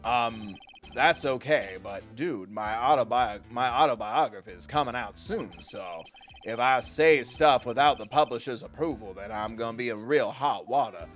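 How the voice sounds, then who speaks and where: A man's voice: medium pitch, fairly bright tone, soft background music, lightly acted. A man voicing a laid-back young dude in a video game, with a Southern drawl and an easygoing way of talking. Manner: slow, easygoing, saying dude.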